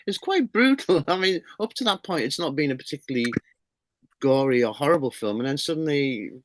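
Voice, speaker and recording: A man's voice: fairly high pitch, expressive, fairly quick, no room sound. A middle-aged man, a horror magazine publisher, chatting as an interview guest with an enthusiastic, rambling manner and frequent restarts. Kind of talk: casual interview chat.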